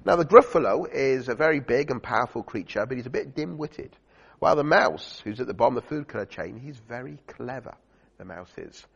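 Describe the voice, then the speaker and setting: Male preacher, chatty sermon voice, gravelly and husky, dull lo-fi recording. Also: mid-range voice, expressive, fairly quick. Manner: chatty, uses fillers and asks the congregation questions. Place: church. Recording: dull lo-fi recording in a reverberant church hall.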